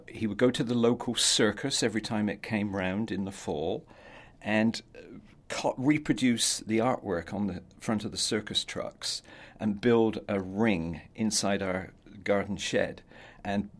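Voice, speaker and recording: Deep-voiced English actor, measured. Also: male voice. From England. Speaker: actor guest. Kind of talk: casual interview chat.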